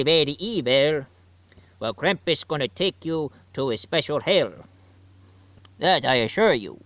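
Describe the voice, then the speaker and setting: A man voicing a jolly, booming Santa Claus with a mock Swedish accent and a hearty ho-ho laugh in a comedy sketch. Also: a bit bright, no room sound. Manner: hearty, rambling, jokey.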